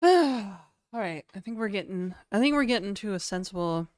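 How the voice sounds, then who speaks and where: Rambling woman streamer reading chat; smooth voice, dry close mic. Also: medium pitch, expressive, moderate pace, dry recording. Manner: rambling, chatty, reads chat aloud. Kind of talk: casual live-stream chat.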